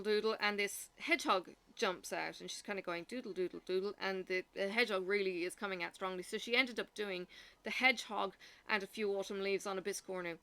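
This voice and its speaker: Chatty woman with a gravelly edge. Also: medium pitch, bright, forceful tone. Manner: rambling, chatty storytelling with many fillers. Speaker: vlogger. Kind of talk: casual chatty vlog. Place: home, recorded in the evening.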